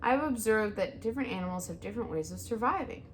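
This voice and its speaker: Sex: woman. Figure: a woman doing a calm, literal female robot from a storybook. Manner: even and measured. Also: medium pitch, slight background noise, pitched above the performer's own voice, lightly acted.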